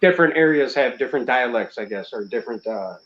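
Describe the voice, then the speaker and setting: An American man hosting a casual group voice chat, chatty and halting, with lots of fillers. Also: medium pitch, expressive. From United States. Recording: dull lo-fi online audio.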